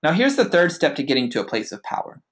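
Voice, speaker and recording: A man hosting a podcast, giving an energetic motivational talk as a business coach and repeating phrases for emphasis. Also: fairly high pitch, fast.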